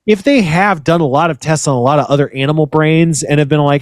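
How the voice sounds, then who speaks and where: Rambling podcaster with a high voice. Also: male voice, quick pace, hardly any pauses, darkish tone, no room sound, clean studio sound. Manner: rambling, swearing, self-interrupting. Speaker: podcast co-host. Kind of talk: casual podcast chat.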